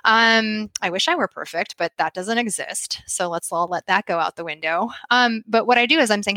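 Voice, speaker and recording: A woman with a bright, clear tone talks candidly and reflectively, as if confiding in a listener. Her delivery is thoughtful and loose, full of little fillers and restarts. The sound is close and dry, with no room echo. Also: mid-range voice, fairly quick, hardly any pauses. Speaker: mother sharing a personal practice. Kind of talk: casual reflective monologue.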